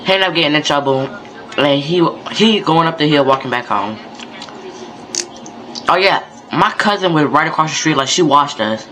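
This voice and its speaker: A man's voice: a little high, expressive, normal speed, long pauses, pushed and bright, a little hiss or hum, poor audio. A young man from North Carolina, telling a story in a laid-back, conversational vlog style. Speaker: vlogger.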